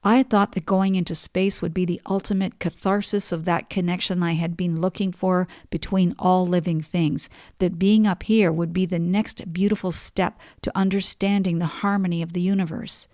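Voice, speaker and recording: A middle-aged woman hosting a podcast, telling stories and reading passages in a calm, measured way. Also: fairly low pitch, no echo, clean studio sound. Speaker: podcast host. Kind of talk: reflective spoken essay, reading quotes aloud.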